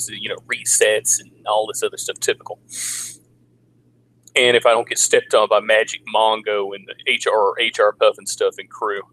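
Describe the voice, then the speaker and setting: A man in his forties ranting in a casual livestream, crude and sarcastic, now and then mocking people in a high put-on voice. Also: fairly bright tone, poor audio. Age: 40s. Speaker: vlogger. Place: home in the Philippines.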